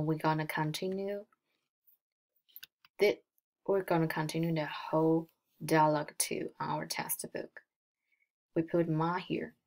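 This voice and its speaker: A young woman with a Mandarin accent, a native Mandarin speaker, walks beginners through a recorded language lesson. She talks slowly and explains step by step, modelling each tone aloud. Her low voice has a gravelly edge. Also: a little hiss or hum. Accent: Mandarin Chinese. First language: Mandarin Chinese. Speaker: Mandarin teacher.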